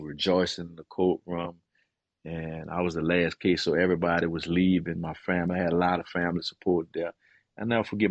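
A middle-aged man, a guest and author, giving an earnest and emotional personal testimony, often pausing with "man" and hesitating as he talks. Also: low voice, a little mellow, dry recording, muffled recording.

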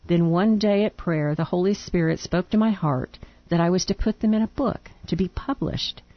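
A woman's voice: fairly low pitch, normal speed, muffled recording. A woman co-hosting a radio show, reading a listener's letter aloud and breaking off to laugh. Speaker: radio co-host.

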